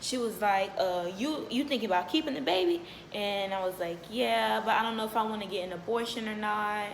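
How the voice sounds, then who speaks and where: A woman's voice: mid-range voice, brisk, a little hiss or hum. A young woman telling a personal story to her viewers in a candid, chatty way, full of fillers. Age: young adult. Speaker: vlogger. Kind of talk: casual storytelling to camera.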